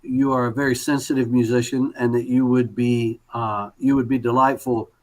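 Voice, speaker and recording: A man's voice: mid-range voice, flat delivery, normal speed. A male conductor judges an audition over a video call. He praises the player at length and trips over many fillers and restarts along the way. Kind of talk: spoken feedback on a performance.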